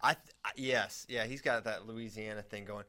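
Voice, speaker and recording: A man hosting a podcast in casual, joking chat that grows loud when he gets excited. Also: fairly low pitch, moderate pace. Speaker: podcast host.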